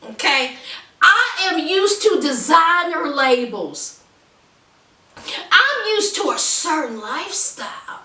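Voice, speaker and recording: A woman's voice: very high-pitched, very animated, slow pace, bright, forceful tone, far from the mic. A woman giving sassy, gossipy casual commentary on a reality show, calling her viewers honey and child. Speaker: reality TV reviewer. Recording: roomy, voice off the mic.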